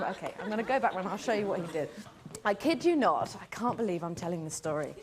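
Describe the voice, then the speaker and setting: An actress telling a talk show anecdote as an animated storyteller who keeps laughing through it. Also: female voice, medium pitch, quick pace, heavy background noise. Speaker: actress guest.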